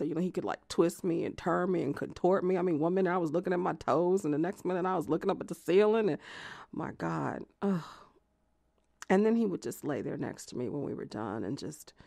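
A woman's voice: low voice, vocal fry, a little mellow, dry recording, studio quality, full character voice. A woman performing a frank, gossipy woman confiding about a lover, in a theatrical audio drama monologue. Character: brash sultry woman recalling a lover.

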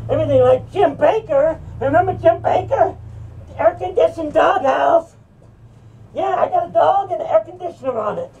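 A woman's voice: high voice, creaky, darkish tone, dull audio, slight background noise. A woman voicing a drunk, scornful male hypocrite preacher who taunts and brags in a rowdy comic rant. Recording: distant mic with faint music.

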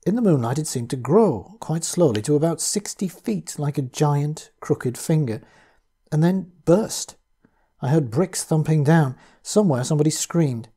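A man giving a measured, grave first-person reading of a horror story. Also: on the high side, mellow. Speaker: audiobook reader.

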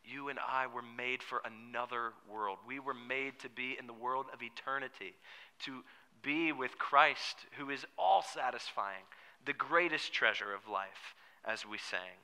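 A man preaching a sermon as pastor, earnest, often dropping to a soft hushed voice for emphasis. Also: mid-range voice, unhurried. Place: church sanctuary. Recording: reverberant church hall.

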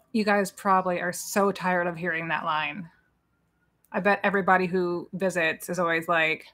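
Bright-voiced woman chatting on a livestream. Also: lowish voice, fairly even intonation, moderate pace. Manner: chatty, rambling, filler-heavy. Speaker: co-host of a livestream watch party. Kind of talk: casual livestream chat.

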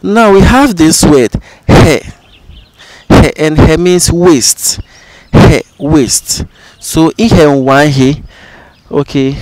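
A man with a Ghanaian accent teaching a language lesson, saying each phrase slowly and repeating it several times. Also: fairly high pitch, darkish tone, no room sound.

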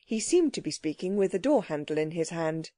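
A woman narrating a children's audiobook in a steady storytelling manner. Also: fairly low pitch, a little fast, dry recording, studio quality.

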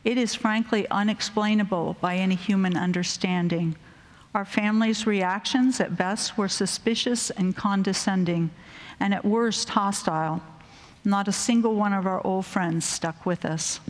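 A middle-aged woman tells a personal faith story in a measured, earnest way, her voice sitting at an ordinary middle pitch. The sound carries the long reverb of a large chapel auditorium. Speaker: professor giving a chapel talk. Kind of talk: personal faith testimony and prayer.

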